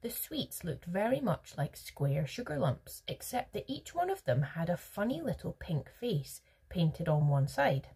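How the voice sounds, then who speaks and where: A woman reads a children's book aloud as a teacher would, in a husky, breathy voice. Her pitch is on the low side but swoops widely as she narrates. She drops into soft whispers now and then. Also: very animated, unhurried, hardly any pauses. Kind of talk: storybook read-aloud.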